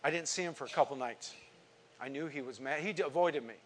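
A man preaching a sermon to his congregation, telling a personal story and swinging from quiet asides to emphatic outbursts. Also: a little high, brisk, slight background noise. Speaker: pastor.

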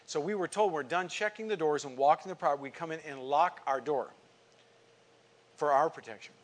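Man, pastor, sermon, somewhat high pitch, animated storytelling, emphatic bursts. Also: fairly quick. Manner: animated storyteller, swings from quiet asides to emphatic outbursts.

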